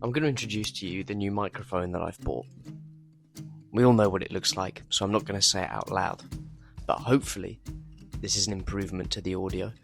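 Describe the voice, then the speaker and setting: A man's voice: low voice, fairly even intonation, a little fast, vocal fry, soft background music. A man who hosts his own channel, talking casually through his opal cutting in a home workshop and explaining each step with a self-deprecating, chatty manner. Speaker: opal cutter and channel host.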